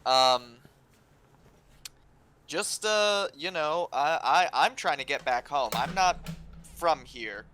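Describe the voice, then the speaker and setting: A man's voice: a little high, lively intonation, takes it slowly, pauses often, pushed and bright, faint music behind, full character voice. A man voicing an evasive human sailor who hesitates a lot and bristles when his ship is insulted. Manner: hesitant, full of ums, then prickly.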